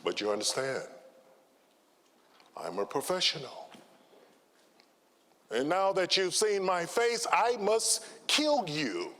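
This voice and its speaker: A man voicing an adult male burglar, polite but ruthless, in a raised, excited tone. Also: slow pace, long pauses, exaggerated voice. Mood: menacing. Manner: high, excited and pleading. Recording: reverberant conference hall.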